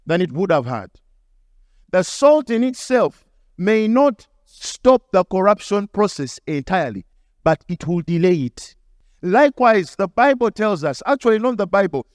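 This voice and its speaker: A male pastor delivers a sermon with a fairly high voice. He teaches through stories and now and then acts out the people in them. The sound is dry and close, with hardly any room. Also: no room sound. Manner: storytelling preacher, acts out the people in his stories.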